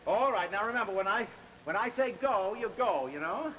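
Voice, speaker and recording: A man's voice: high-pitched, lively intonation, normal speed, a bit bright, a little hiss or hum, poor audio. An actor playing an eager, bossy husband filming his family in a 1950s sitcom, coaxing and directing everyone.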